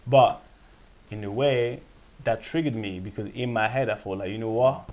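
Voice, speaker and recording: A former footballer from France tells his story in French-accented English as an interview guest. His voice is fairly low and moves at a moderate pace. He is animated, laughs often and acts out the voices of the people he quotes.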